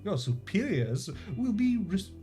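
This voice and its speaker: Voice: mid-range voice, big pitch swings, a little slow, warm tone, voice pushed up. A streamer voicing a pompous, formal man in old-fashioned dress. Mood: haughty. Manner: haughty, formal. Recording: background music.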